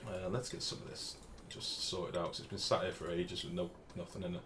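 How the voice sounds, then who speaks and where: English guy streaming a game, lowish voice, chatty and sweary, faint hum in the background. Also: little pitch movement, brisk. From England. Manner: chatty, swears freely, reads chat aloud. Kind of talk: casual live-stream chat.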